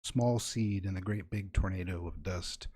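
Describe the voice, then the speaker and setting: A man's voice: deep voice, normal speed, warm tone, husky. A man narrating as game master of a tabletop horror game, improvising scenes with wry, playful asides.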